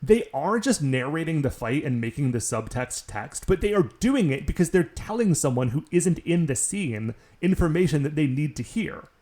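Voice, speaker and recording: A man's voice: a little high, sing-song, moderate pace, few pauses, dark tone. A man co-hosting a podcast in casual chat, rambling with lots of filler words. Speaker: podcast co-host.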